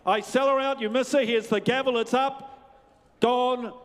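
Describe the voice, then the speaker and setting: A man with a New Zealand accent working as an auctioneer, calling bids in a rapid rhythmic chant and bantering with bidders in a large sales ring. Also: very high-pitched, fairly even intonation, a bit bright, a little hiss or hum. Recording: long hall reverb.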